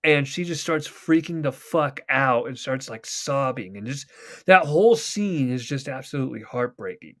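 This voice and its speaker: A man's voice: mid-range voice, animated, moderate pace, fairly bright tone. A young man hosting a casual podcast, rambling and swearing as he retells TV scenes at length. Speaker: podcast host. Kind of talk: casual chat.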